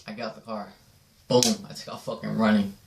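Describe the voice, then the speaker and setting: A man's voice: on the low side, flat delivery, a little fast, vocal fry, a little hiss or hum. A man casually telling a rambling personal story, swearing often and checking in with "right?". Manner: profane, rambling, repeats "right?". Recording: echoey room.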